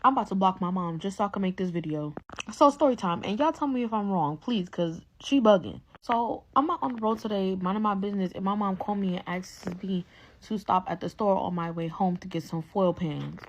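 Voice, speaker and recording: A young woman telling a casual story-time in an animated, exasperated way. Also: medium pitch, fairly quick, a little hiss or hum.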